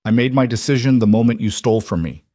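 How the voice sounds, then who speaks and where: A man's voice: mid-range voice, quick pace, no room sound, clean studio sound, lightly acted. A man doing a ruthless old mob boss. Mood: cold, commanding. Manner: cold, commanding, quiet. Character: ruthless older mob father, cold and commanding.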